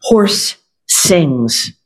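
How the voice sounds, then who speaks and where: A Zen teacher delivers a meditative dharma talk at an extremely unhurried pace. The voice sits at a middle pitch and stays calm and contemplative, leaving long silences between phrases. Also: slight background noise.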